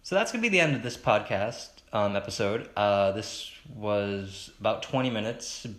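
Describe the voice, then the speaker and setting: A young man hosting a solo podcast, rambling and hesitant with many fillers and restarts, in a fairly monotone baritone. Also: normal speed, roomy sound. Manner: self-conscious, chatty. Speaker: podcast host. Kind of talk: solo casual podcast monologue.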